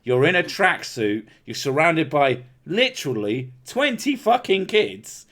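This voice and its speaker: A man's voice: fairly high pitch, big pitch swings, unhurried, fairly bright tone. A man hosting a casual podcast chat, ranting and swearing freely. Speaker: podcast host.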